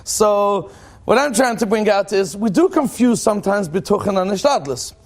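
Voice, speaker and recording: Rabbi guy giving a fun talk, high voice, super bouncy delivery, cracks jokes, asks the crowd stuff. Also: moderate pace. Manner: animated and joking, acts out quoted thoughts in a dramatic voice; asks the audience questions and answers them. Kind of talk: lively religious talk to a live audience.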